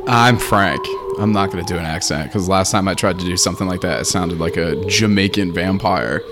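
A man in his late twenties co-hosting a casual podcast, dropping deadpan jokes and laughing easily. His voice sits low and deep. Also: a little fast, background noise. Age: late 20s. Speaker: podcast co-host.

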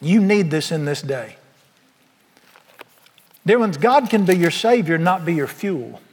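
A man's voice: on the high side, lively intonation, unhurried. A man preaching a sermon, folksy and emphatic, firing rhetorical questions at the congregation. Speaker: pastor. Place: church sanctuary. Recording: long reverb of a large hall.

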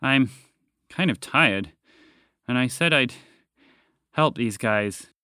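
A man voicing a kind, exhausted male magical horse who talks gently and apologetically between breaths. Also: mid-range voice, lively intonation, slow pace, no room sound, studio quality. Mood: weary.

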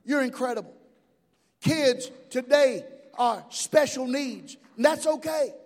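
A man's voice: extremely high pitch, expressive, takes it slowly, a little mellow. A middle-aged man pastor preaching a sermon in a church, impassioned, with call-and-response asides. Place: church sanctuary. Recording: long hall reverb.

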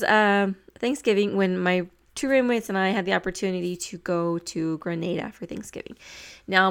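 A young woman with a gravelly, creaky edge recounts a personal adventure in a casual, chatty way. She talks at a middling pitch and keeps stopping and restarting as she relives the story. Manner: chatty, lots of fillers and restarts, animated retelling.

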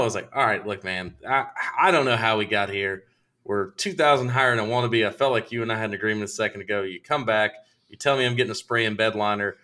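A young adult man casually telling a profane story, acting out both sides of the conversation with lively quoted voices. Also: lowish voice.

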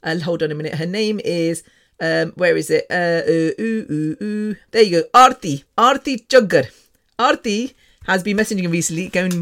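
A woman's voice: lowish voice, moderate pace, fairly bright tone. A woman hosting her own podcast, talking bluntly and candidly, swearing freely and getting over the top. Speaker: podcast host. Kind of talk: candid solo podcast monologue.

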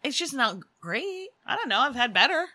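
A woman's voice: high-pitched, big pitch swings, moderate pace, pushed and bright. A woman in her thirties co-hosting a podcast, chatting casually and laughing often. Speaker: podcast co-host. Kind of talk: casual chat.

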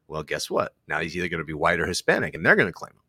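A man's voice: sits low, sing-song, rapid-fire, pushed and bright, slightly rough, no echo, studio quality. A man co-hosting a podcast, talking in a teasing, sarcastic way. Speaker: podcast co-host. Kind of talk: casual banter.

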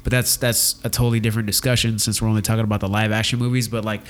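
A man's voice: fairly low pitch, flat delivery, racing. A man hosting a casual podcast, explaining things at length and steering the talk with questions.

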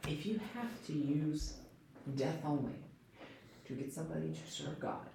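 A man's voice: on the high side, animated, normal speed, vocal fry, warm tone. A man chatting casually in a Bible study discussion, full of fillers and acted-out quotes. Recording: very echoey room with faint noise.

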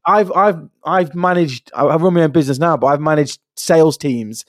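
A man in middle age, chatting on a podcast with a fairly high voice. He tells stories with lively quoted voices. The sound is dry and close. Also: fairly quick, dry recording. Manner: animated storytelling, acts out pub banter in quoted voices. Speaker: podcast co-host. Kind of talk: casual podcast chat.

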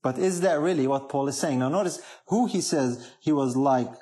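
A man's voice: mid-range voice, moderate pace, mellow. A man preaching a sermon, emphatic, often asking the congregation questions.

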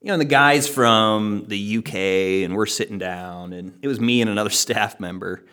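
A man's voice: on the low side, moderate pace, pushed and bright, clean tone. A man co-hosting a church podcast, telling a self-deprecating story in casual chat and laughing often.

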